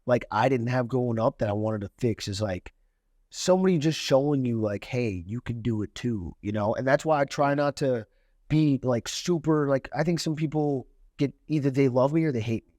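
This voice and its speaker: A man's voice: mid-range voice, a little fast, darkish tone, dry recording. Casting: young man from Cleveland, podcast guest, blunt street storyteller, mid-range voice, dry close mic. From Cleveland, Ohio. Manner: candid, streetwise, swears freely. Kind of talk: casual storytelling.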